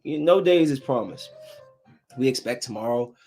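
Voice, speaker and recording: A man's voice: medium pitch, expressive, normal speed, darkish tone, soft background music. A man hosting his own podcast, chatting casually and with feeling about his week. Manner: loose and heartfelt, drifting between grief and upbeat chatter. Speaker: podcast host. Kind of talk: casual solo podcast talk.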